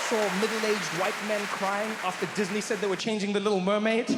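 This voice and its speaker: A man doing stand-up comedy on a live stage, telling an animated story and acting out the voices of other people. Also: high voice, a little fast, few pauses, long reverb tail, heavy background noise.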